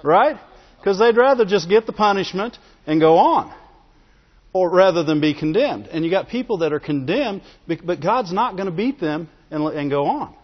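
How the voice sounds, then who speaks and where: A man's voice: high-pitched, expressive, moderate pace. A man preaching a sermon in a conversational way, often laughing and calling for amens. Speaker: pastor. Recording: dull lo-fi recording in a reverberant hall.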